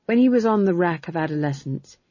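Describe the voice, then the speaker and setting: A woman narrates a story with a husky, low voice that rises and falls freely. The recording is dry and a little dull. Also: brisk, dry recording. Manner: expressive storytelling. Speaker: audiobook narrator. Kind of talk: scripted narration.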